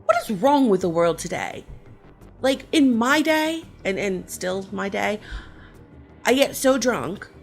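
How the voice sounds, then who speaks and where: A woman's voice: medium pitch, lively intonation, slow, gravelly, soft background music. A middle-aged woman ranting casually on her horror vlog, sarcastic and profane as she tells stories. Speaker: horror vlogger. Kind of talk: casual rant.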